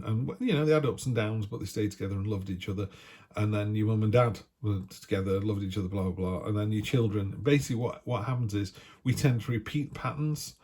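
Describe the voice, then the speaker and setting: A man's voice: on the low side, dark tone. A man giving a casual, encouraging weekly tarot reading, chatty and full of restarts. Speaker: tarot reader.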